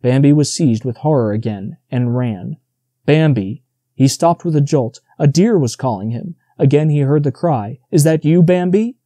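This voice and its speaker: Male audiobook narrator, very dark mellow tone, dry close sound, measured storybook reading. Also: medium pitch, dry recording.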